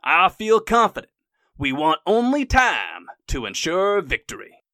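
A man voicing a pompous, defiant Southern senator in a put-on Deep South accent, declaiming grandly. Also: wildly swooping pitch, measured pace, pushed and bright, no room sound, exaggerated voice. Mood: defiant, confident.

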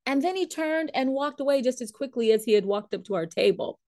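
A woman leadership coach and trainer telling a story in a coaching talk. She is animated, acts out what people said and laughs often. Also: sits high, fairly quick, dry recording, clean studio sound.

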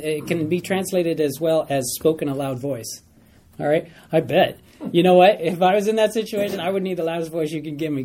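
A man teaching a Bible study class, animated, often repeating phrases and putting questions to the class. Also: fairly high pitch, a little hiss or hum.

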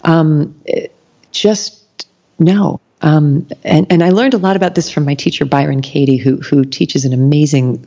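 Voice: medium pitch, fairly even intonation, a little fast, creaky, few pauses, dark tone. A podcast guest talking casually, rambling with many ums and restarts and acting out quoted lines. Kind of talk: casual conversation. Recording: dull lo-fi sound.

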